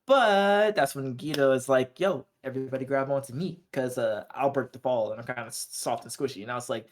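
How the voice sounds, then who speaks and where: A man's voice: mid-range voice, a little fast. A man co-hosting a podcast, casually recapping an anime episode in loose, slangy storytelling and briefly acting out the characters' lines. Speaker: podcast co-host.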